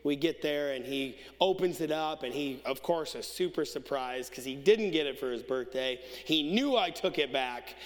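Man preaching, high voice, chatty storytelling rising to shouts, long hall reverb. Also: moderate pace, few pauses. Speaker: pastor. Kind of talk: sermon with humorous storytelling.

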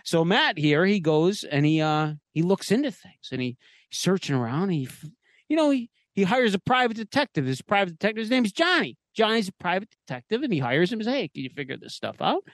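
A man on a podcast rambles through a crude, silly horror story and keeps laughing at his own jokes. His voice sits a bit high and swings widely up and down. The sound is dry and close, with no room echo. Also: sing-song, fairly quick. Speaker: podcast host. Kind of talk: comedic spooky storytelling.

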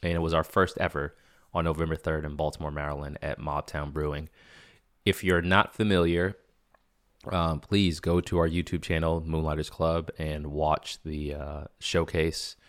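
A man with a very deep, low voice talks through a casual solo podcast update. He rambles and restarts often, speaking candidly into a dry, close mic with no room sound. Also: level tone, normal speed, no room sound. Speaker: podcast host.

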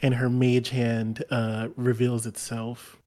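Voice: mid-range voice, slow, a little hiss or hum. Giggly tabletop player. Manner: giggly, excitable. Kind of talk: casual tabletop play.

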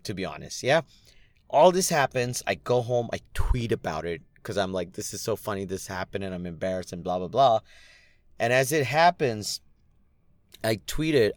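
A man's voice: mid-range voice, dry recording. A man casually telling a rambling, self-deprecating story to his viewers, full of restarts and fillers. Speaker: comedy night producer and content creator.

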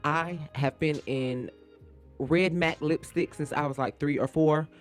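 A man's voice: a little high, fairly even intonation, measured pace, soft background music. Sassy campy man recapping reality TV. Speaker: podcast co-host. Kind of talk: casual reality TV recap chat.

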